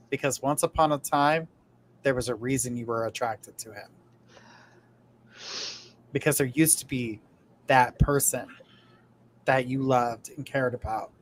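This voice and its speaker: A man's voice: medium pitch, a little hiss or hum. A man hosting a live psychic show, relaying messages from spirits in an earnest, reassuring way. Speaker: psychic medium host.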